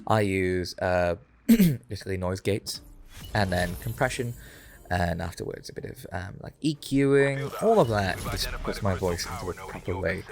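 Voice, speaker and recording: A man streaming a game, chatting in a rambling, animated way into a condenser mic close below his chin. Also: sits low, a little slow, gravelly. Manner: rambling, animated, drifts off topic. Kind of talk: casual gameplay stream chat.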